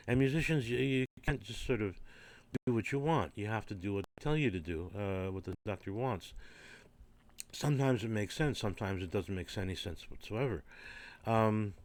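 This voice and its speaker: A man's voice: fairly low pitch, moderate pace, no room sound. An older man, a former orchestra percussionist, tells stories casually in a rambling, digressive way with wry humour. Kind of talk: casual anecdotal storytelling.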